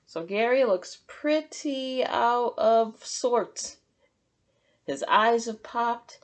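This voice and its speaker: A woman's voice: a little high, extremely slow. A woman teacher reading a picture book aloud to children, stopping to ask them questions. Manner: sympathetic, asks questions.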